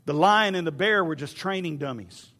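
A male pastor preaching a fervent sermon that swings from loud to hushed. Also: fairly high pitch, normal speed, long reverb tail.

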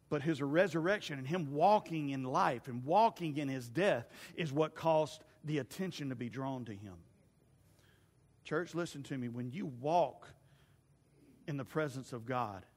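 A male pastor preaching an animated sermon, swinging from shouts to hushed asides. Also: sits high. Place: church sanctuary. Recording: long church reverb.

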